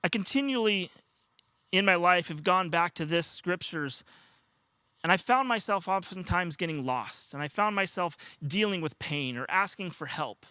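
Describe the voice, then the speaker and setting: An older male pastor delivers a heartfelt sermon in a high, bright voice. He tells stories earnestly and sometimes acts out a small child's cries. The sound is dry and close. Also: expressive, moderate pace, smooth, no echo.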